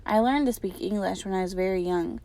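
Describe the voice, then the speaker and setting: Teacher lady reading a kids' book aloud, calm and steady, bit of gravel in her voice. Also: medium pitch, brisk, a little hiss or hum. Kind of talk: reading a children's novel aloud.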